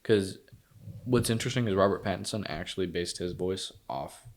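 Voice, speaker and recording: A man co-hosting a podcast, reviewing films in casual chat and retelling scenes with lively quoted lines. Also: sits low, normal speed. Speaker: podcast co-host.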